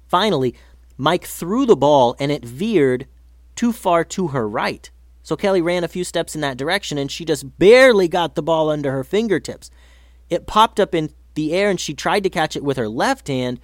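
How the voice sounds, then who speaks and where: A man narrating a children's story in a gentle, lively reading manner. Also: a little high, dry recording, studio quality.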